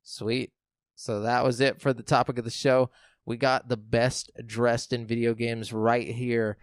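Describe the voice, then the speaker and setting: Young guy cohost, chill, lots of uh pauses, dry close mic. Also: mid-range voice, little pitch movement, no echo. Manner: easygoing, hesitant with many "uh" pauses. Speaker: podcast co-host. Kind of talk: casual chat.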